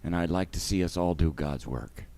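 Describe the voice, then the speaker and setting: A man's voice: deep voice, normal speed, darkish tone. A man hosting a charity livestream, talking emotionally and expressively to his viewers.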